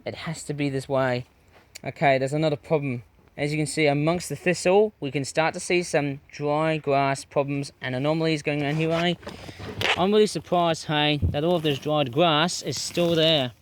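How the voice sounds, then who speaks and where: A man's voice: a little high, fairly even intonation, moderate pace, slight background noise. A man talking casually and chattily to viewers as he weeds his backyard garden, recording outdoors on a tablet. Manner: chatty, exclamatory, playful word choices. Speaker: gardening vlogger. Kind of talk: casual rambling commentary. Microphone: tablet camera.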